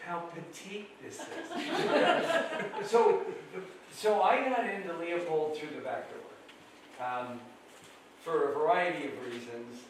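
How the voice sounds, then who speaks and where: Guy giving a folksy talk in a big echoey hall, far from the mic, bit of hiss. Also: medium pitch. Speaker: guest speaker. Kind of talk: public talk. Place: school hall.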